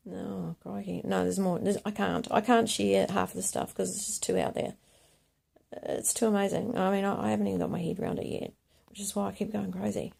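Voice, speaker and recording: A woman delivering a rambling monologue to camera, often dropping to a hushed whisper. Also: medium pitch, steady tone, moderate pace, gravelly, long pauses, slightly rough. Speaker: video blogger.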